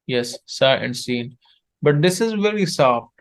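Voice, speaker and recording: A man teaching letters in an online lesson, patiently repeating sounds in halting English. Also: medium pitch, lively intonation. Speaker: Arabic tutor. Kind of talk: one-on-one online language lesson.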